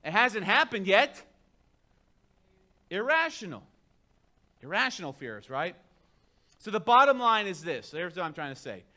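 A man's voice: high voice, sing-song, normal speed, pushed and bright. A middle-aged man preaching a sermon, chatty and keeps asking the congregation questions. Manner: conversational, asks the congregation questions. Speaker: pastor.

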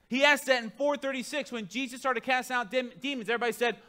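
A man's voice: extremely high pitch, fast talker, hardly any pauses. A man pastor delivering a sermon, preaching emphatically and talking straight to his congregation in a conversational way. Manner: emphatic preaching that swings between quiet asides and loud declarations.

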